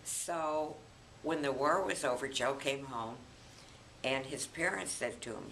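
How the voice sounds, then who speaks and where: An elderly woman in her eighties, recounting family memories in an unhurried, reminiscing way as a grandmother being interviewed. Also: deep voice, creaky, a bit bright, slight background noise, rough recording. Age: 80s. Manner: reminiscing, unhurried, chuckles often.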